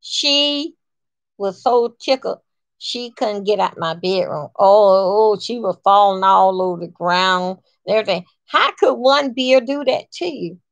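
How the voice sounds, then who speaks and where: A woman telling a personal story in a casual, colloquial way, emphatic and animated, acting out what people said. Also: medium pitch, a little slow, vocal fry, no room sound, muffled recording. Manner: animated and emphatic, colloquial, acts out quoted lines.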